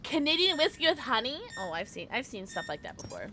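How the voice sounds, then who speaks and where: A young woman streaming a game, bubbly and tipsy, chatting excitedly with her viewers and squealing often. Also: fairly high pitch, quick pace, over music. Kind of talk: casual live-stream chat while gaming.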